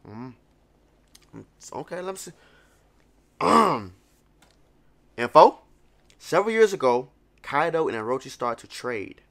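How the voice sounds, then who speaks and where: A man's voice: on the high side, sing-song, slow pace, gravelly, long pauses, fairly bright tone. A man hosting a live manga reaction, talking casually and animatedly as he reads panels aloud and exclaims at them. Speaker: manga reaction video host.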